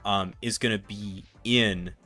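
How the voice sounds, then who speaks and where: A livestream host with a fairly low voice and fairly even intonation speaks at a slow pace over soft background music. He reads verse with big swells and soft drops, then chats casually with fillers as he works through a tech setup.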